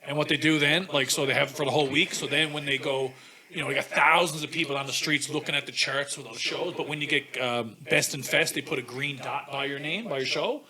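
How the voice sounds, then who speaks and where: A man spinning crude, animated stories in casual chat. His voice is bright and forceful and sits a bit high for a man. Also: a little fast. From Newfoundland, Canada. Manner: profane, animated, acts out voices. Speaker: stand-up comedian guest.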